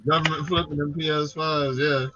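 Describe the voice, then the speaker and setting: A man's voice: a little high, flat delivery, normal speed, highs cut off, very noisy. A man hosting a casual late-night chat, talking in loose, profane banter. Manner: profane, laid-back banter.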